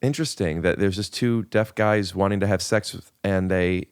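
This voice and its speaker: A man's voice: sits low, steady tone, moderate pace, clear, resonant tone. A man hosting a podcast, chatting casually and chiming in with short replies. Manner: brief interjecting replies. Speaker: podcast host. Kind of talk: casual chat.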